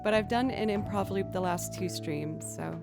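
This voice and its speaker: A woman's voice: mid-range voice, moderate pace, gravelly, over music. A young woman streaming live, chatting casually with viewers, greeting them by name and laughing often. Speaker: streamer and musician.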